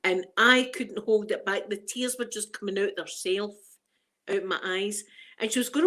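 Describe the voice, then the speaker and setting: Fighting back tears, the Scottish livestream host, a middle-aged woman, welcomes viewers one by one in a casual chat. Her voice sits fairly high, with fairly even intonation, a moderate pace, and a fairly bright tone.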